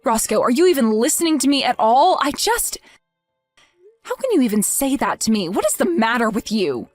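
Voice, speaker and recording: A woman's voice: fairly high pitch, sing-song, moderate pace, a little mellow, soft background music. A woman playing a grieving, indignant young wife in a voiced text-message drama, emotional and accusing.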